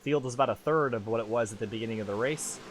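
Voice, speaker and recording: A man calling an online truck race as lead commentator, chatty and self-deprecating, jumping up in pitch when the action picks up. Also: very fast, slight background noise. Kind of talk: sim racing play-by-play commentary.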